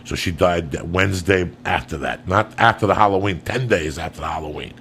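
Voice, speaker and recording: A man's voice: sits low, fairly quick, gravelly, a bit bright, slight background noise. A man, a comedian and podcast host, telling a long profane story in a rambling, loose way.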